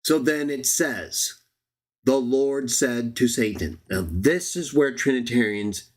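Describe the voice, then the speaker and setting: A man's voice: mid-range voice, takes it slowly. A man hosting a live-streamed Bible study, reading verses aloud and arguing his point with rhetorical questions to the viewers. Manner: argumentative, addresses viewers as everybody, rhetorical questions.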